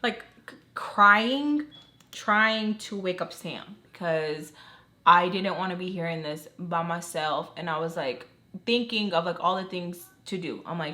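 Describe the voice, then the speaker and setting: A woman's voice: on the low side, measured pace, pushed and bright. A young woman in a storytime vlog, talking in a chatty, emotional way and saying "like" constantly. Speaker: vlogger.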